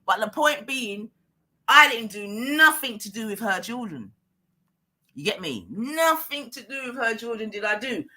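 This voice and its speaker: A bright, forceful woman vents on a live stream. She talks emphatically and keeps asking whether her listener is following her. Her pitch sits in a middle range. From London.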